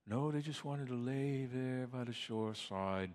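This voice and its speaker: Male preacher, unhurried delivery, hushed lows and booming highs, reverberant church hall. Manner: dramatic swings from hushed to booming. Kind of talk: sermon.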